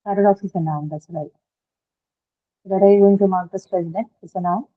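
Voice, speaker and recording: A woman's voice: mid-range voice, fairly even intonation, brisk. A woman teaching an English class, explaining patiently and checking in with her students. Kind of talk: classroom lecture on word stress. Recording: phone-like lo-fi classroom audio.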